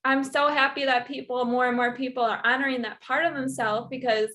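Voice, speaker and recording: Halting, chatty woman podcast guest. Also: high voice, fairly even intonation, sharp tone, slight background noise. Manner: halting, full of "like" and "um". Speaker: podcast guest, retreat host. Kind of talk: casual conversation.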